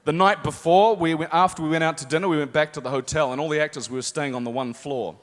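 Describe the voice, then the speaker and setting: A high-voiced man from New Zealand, a guest actor on a convention panel, tells stories to a live audience at a quick pace, animatedly acting out voices. The recording carries the echo and faint noise of a large convention hall.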